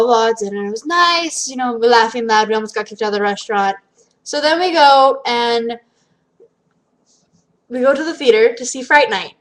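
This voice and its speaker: High-voiced young woman telling a story. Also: low-quality recording. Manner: animated, bursts into loud shrieks when quoting. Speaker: vlogger. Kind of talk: casual storytelling to camera.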